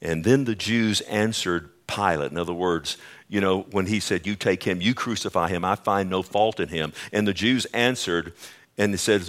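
Lowish-voiced guy preaching, dramatic, goes loud then quiet and slow, asks "amen?". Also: expressive. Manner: dramatic, swings between loud emphasis and hushed slow lines; asks the congregation for responses. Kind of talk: sermon.

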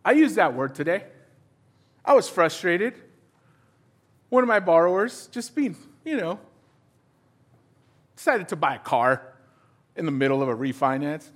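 Animated high-voiced male pastor preaching. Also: a little slow, pauses often. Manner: animated, acts out dialogue with voices. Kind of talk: sermon.

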